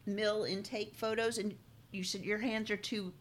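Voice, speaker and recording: A woman's voice: mid-range voice, flat delivery, moderate pace, a little hiss or hum. Laid-back woman telling a dog story. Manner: laid-back anecdote teller. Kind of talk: casual podcast chat.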